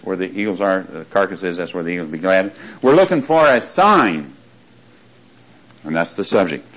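Male preacher, sermon, animated pitch, rhetorical questions, repeats for emphasis, reads scripture. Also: poor audio. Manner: reads scripture aloud in King James wording.

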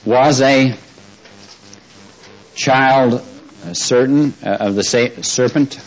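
A man preaching in an easy, conversational way that swells into emphatic, stretched-out stresses. He chuckles often. His voice sits at a middling pitch for a man. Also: slow pace, long pauses, poor audio. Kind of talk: sermon.

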